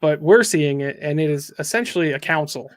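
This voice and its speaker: A man's voice: fairly high pitch, brisk. A man hosting a casual review chat, recapping a story with frequent ums and acting out the quotes. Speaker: comic book reviewer.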